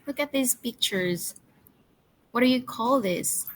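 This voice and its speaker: A woman English teacher leading a storytelling lesson for children, coaxing them with cheerful questions and slow call-and-response word drills. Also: a little high, rough recording.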